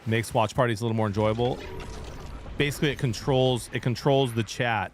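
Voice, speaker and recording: A middle-aged man livestreaming, talking to his chat in a loose, joking way. His voice sits at an ordinary middle pitch. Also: steady tone, a little fast, slight background noise. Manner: chatty, jokey, talks to chat while playing. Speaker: streamer. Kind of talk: casual gaming livestream chat.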